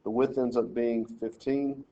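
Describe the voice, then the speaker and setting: A man in a recorded math lesson works each problem aloud step by step and tells his students how to set out their work. His voice is mellow and dark-toned. The audio is dull and lo-fi, like a screencast mic. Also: mid-range voice, little pitch movement, measured pace, a little hiss or hum. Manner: talks through problems step by step, directing students. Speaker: math teacher.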